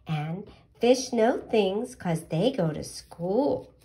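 A woman voicing an excitable, curious young male pollywog who asks breathless, eager questions. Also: mid-range voice, slow pace, a little hiss or hum. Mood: excited.

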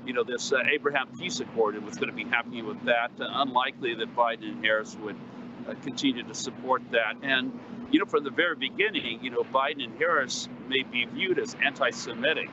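A man with an average-pitched voice speaks haltingly, full of fillers and restarts. His remote audio sounds dull and lo-fi, with clear outdoor city noise behind him. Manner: hesitant, many fillers and restarts. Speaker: White House correspondent guest. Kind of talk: remote interview, casual.

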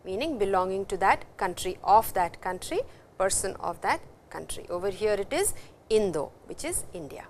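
A woman giving a recorded university language lecture, speaking slowly and patiently, repeating words and stressing how they sound. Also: mid-range voice, sing-song, a little mellow, slight background noise. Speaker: language teacher.

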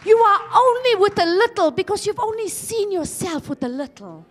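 Woman pastor from South Africa, high voice, very animated delivery, faint music behind. Sermon. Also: normal speed, a faint crowd. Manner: dramatic swings from loud exhortation to hushed asides.

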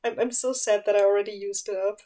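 A woman's voice: medium pitch, steady tone, quick pace, mellow. A woman co-hosting a podcast in casual chat, playful and giggly, rambling a little. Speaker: podcast co-host.

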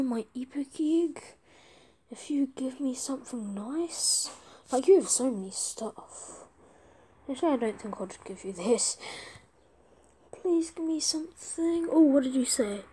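Casual gaming host, woman, chatty and excitable, high voice with a soft, dark tone. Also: a little slow, slight background noise. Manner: excitable, chatty, pleading for trades. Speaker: gaming video creator. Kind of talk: casual let's-play commentary.

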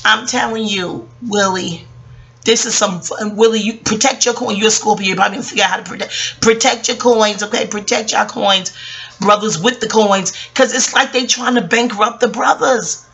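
A woman's voice: mid-range voice, a little fast, a bit bright, slight background noise. A woman in her forties ranting on a vlog, passionate and swearing, rambling between jokes and asides. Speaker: vlogger. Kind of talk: profane commentary rant.

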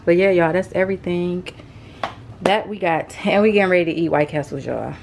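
A young woman talking casually through a shopping haul vlog, addressing viewers as y'all, rushed and a bit out of breath. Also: fairly low pitch, fairly even intonation, a little mellow, slight background noise. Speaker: vlogger.

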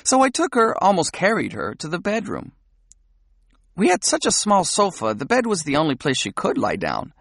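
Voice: mid-range voice, wildly swooping pitch, moderate pace, vocal fry, fairly bright tone, dry recording, studio quality. An audiobook narrator reading a novel aloud, telling the story in an intimate first-person way.

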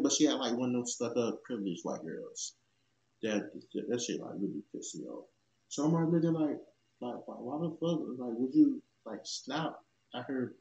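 A man's voice: mid-range voice, warm tone, highs cut off. A young man telling a rambling story from his own life in casual talk, full of swearing, "like" and restarts. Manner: profane, rambling, lots of "like" and restarts. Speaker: YouTube storyteller. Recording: echoey room.

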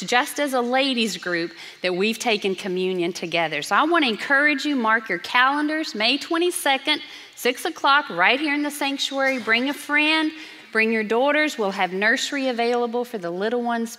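A woman pastor preaching a sermon, earnest and emphatic, slowing down to stress key phrases. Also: fairly high pitch, pushed and bright. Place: church sanctuary. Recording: reverberant church sanctuary.

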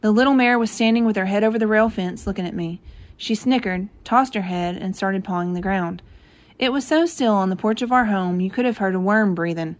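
A woman reading a novel aloud, telling the story gently and giving the characters light voices of their own. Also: mid-range voice, a little fast. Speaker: reader.

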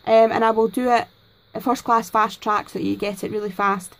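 A woman's voice: a little high, little pitch movement, brisk, rough recording. A woman, chatting to camera at her craft desk at home, gushing with thanks as she unboxes her gifts. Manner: gushing, effusive, many exclamations. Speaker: craft vlogger.

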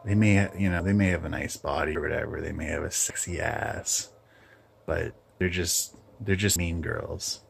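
A man hosting his own channel, ranting bluntly in a casual, halting monologue. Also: rumbling low, steady tone, creaky, slight background noise. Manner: blunt, opinionated, halting with restarts. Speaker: channel host.

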